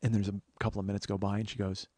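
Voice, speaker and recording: A man's voice: fairly low pitch, little pitch movement, rapid-fire, a little mellow, no room sound. A man hosting a podcast, telling a comedic story as a profane, exasperated rant. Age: 40s. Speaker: podcast host.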